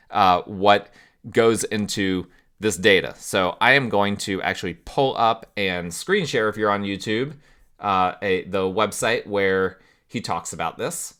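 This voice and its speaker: Bright-toned male podcast host. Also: fairly low pitch. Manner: conversational, asks the audience rhetorical questions. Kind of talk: explanatory monologue.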